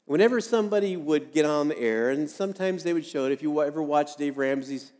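A man's voice: on the high side, lively intonation, fast, darkish tone, big-room sound. A man giving a sermon as a pastor, speaking conversationally and repeating key phrases for emphasis.

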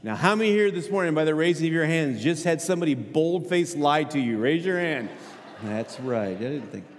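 A man's voice: on the high side, lively intonation, brisk. Man preaching in an echoing church. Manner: conversational, asks the congregation questions, repeats words. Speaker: pastor. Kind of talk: sermon. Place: church sanctuary. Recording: hall with long reverb. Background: long hall reverb.

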